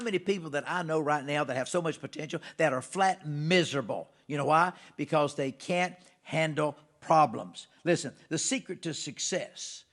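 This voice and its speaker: A man with a somewhat high voice delivers a fired-up motivational address. He hammers his points with repetition and swells into loud exhortations before dropping to quick asides. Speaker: motivational speaker hosting a live broadcast. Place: theater or studio.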